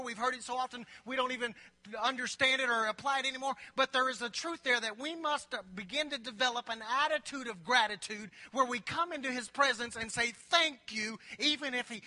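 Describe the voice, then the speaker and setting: Bright, high-voiced preaching man. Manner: preacherly, repetitive build-ups, playful asides. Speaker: pastor. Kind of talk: sermon. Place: church sanctuary. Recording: long reverb of a large hall.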